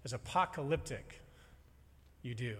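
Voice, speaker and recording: A man's voice: mid-range voice, lively intonation, unhurried, husky. Man preaching in an echoing hall. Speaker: pastor. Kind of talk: sermon. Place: church sanctuary. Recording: long reverb of a large hall.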